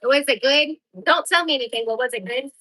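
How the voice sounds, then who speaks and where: A woman's voice: sits high, a little fast, sharp tone, rough recording. A woman in her twenties chatting casually on a livestream, answering viewer comments in a blunt, outspoken way and swearing freely.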